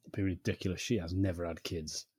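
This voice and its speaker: A man's voice: low-pitched, fairly even intonation, quick pace, a little mellow, breathy edge, no echo, clean studio sound. A man co-hosting a podcast, chatting casually with sarcastic, sweary banter. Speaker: podcast co-host. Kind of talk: casual chat.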